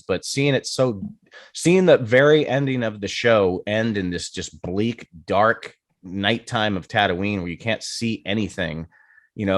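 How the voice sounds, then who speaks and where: Male podcast host, lower voice, rambling and profane, dry close sound. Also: no echo. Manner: rambling, swears freely, trails off. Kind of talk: casual podcast chat.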